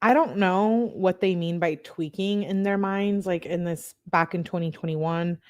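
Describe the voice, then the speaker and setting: Young woman, casual chatty commentator, quick to giggle. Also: fairly low pitch. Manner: giggly, chatty, jokes between readings. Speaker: true-crime commentator reading texts aloud. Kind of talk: casual commentary, reading texts.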